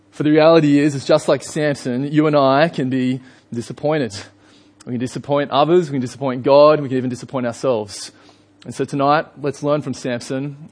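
A man's voice: medium pitch, a little mellow. A young Australian man preaching a sermon in a casual storytelling way, with lots of fillers and asides to the congregation. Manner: chatty storytelling with frequent fillers.

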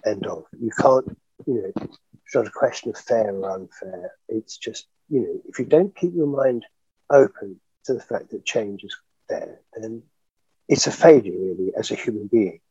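Older man, husky and animated. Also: fairly low pitch, normal speed, dry recording, lo-fi sound. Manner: chatty, animated storyteller, laughs often, many fillers. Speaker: actor guest. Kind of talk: reminiscing interview.

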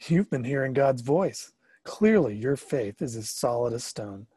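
A man voicing a calm, firm adult male spiritual teacher in a storybook reading, gentle but commanding. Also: mid-range voice, a little slow, husky, no room sound, clean studio sound. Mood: approving. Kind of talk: storybook narration.

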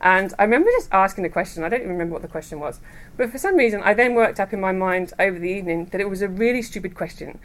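A woman giving a devotional talk to a women's group, chatty and quick to laugh as she tells personal stories. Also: medium pitch, expressive. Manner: chatty, laughs often while telling stories. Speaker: women's ministry speaker. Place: room with a gathered group.

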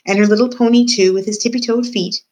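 A woman voicing a simple rustic girl servant who dreams of being a princess, hard of hearing and quick to shout. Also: medium pitch, steady tone, voice pushed up, lightly acted, rough recording. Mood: eager. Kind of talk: storybook reading.

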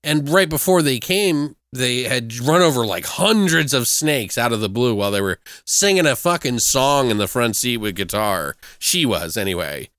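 A man's voice: mid-range voice, normal speed, hardly any pauses, dry recording, clean studio sound. A man in casual chat, retelling a movie plot with lots of swearing and acting out the characters' lines. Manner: profane, animated, acts out characters' lines.

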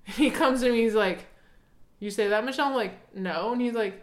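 A woman telling a casual, profane, animated story as a podcast guest, laughing often. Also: on the high side, fairly quick. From United States. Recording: echoey room.

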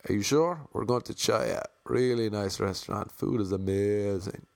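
A man's voice: on the low side, moderate pace, gravelly, darkish tone, no room sound. An Irish man voicing his chatty male friend who is planning a big night out. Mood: upbeat.

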